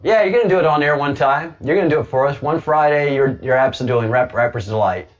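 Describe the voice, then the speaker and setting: A man's voice: fairly high pitch, fast. A man hosting a radio show, joking and laughing with his co-host. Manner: jokey, laughing, boastful. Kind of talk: casual on-air banter. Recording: dull lo-fi audio.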